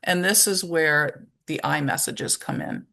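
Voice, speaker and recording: A woman with a low voice leads a parenting webinar, talking in a relaxed, conversational way. Her voice has a gravelly edge of vocal fry, and she explains her points through everyday examples. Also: a little slow. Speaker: webinar presenter for parents and teachers. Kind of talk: live webinar presentation.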